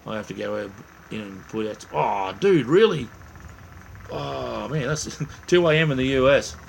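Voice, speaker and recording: A man's voice: medium pitch, animated, unhurried, creaky, slight background noise. Laid-back Australian man chatting live. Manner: rambling and laid-back, heavy on "mate" and "um". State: tired from little sleep. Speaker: livestream host. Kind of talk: casual live-chat with viewers.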